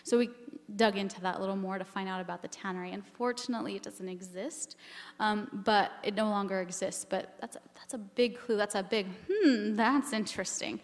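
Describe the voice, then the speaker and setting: A woman's voice: mid-range voice, fairly even intonation, fairly quick, long reverb tail. A woman giving a keynote talk on family history, earnest and emotional, with many ums as she goes.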